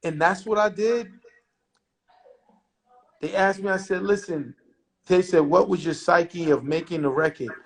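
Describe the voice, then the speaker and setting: A middle-aged man recounts an old story as an interview guest. His voice sits a little high, and he talks in a brash, profane, animated way, acting out the other people's lines. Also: a little slow, pauses often, low-quality recording.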